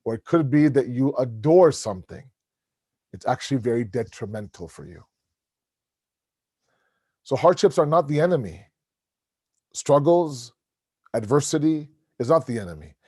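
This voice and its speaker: A man's voice: medium pitch, animated, moderate pace, pauses often, mellow, breathy edge, no room sound, clean studio sound. A middle-aged man giving a conversational sermon at a religious gathering, telling a family story and acting out the dialogue. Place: mosque hall.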